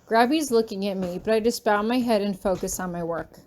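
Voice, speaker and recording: A woman reading her fan fiction aloud in the first person, soft and anxious in tone. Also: medium pitch, a little fast. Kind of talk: first-person audiobook narration.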